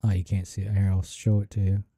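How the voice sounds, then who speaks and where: Canadian guy from Ontario, loose rambling reaction host; voice is very dark and warm, recorded dry. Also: sits low, completely flat delivery, fast, no echo. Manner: rambling, searching for words. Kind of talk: casual reaction commentary.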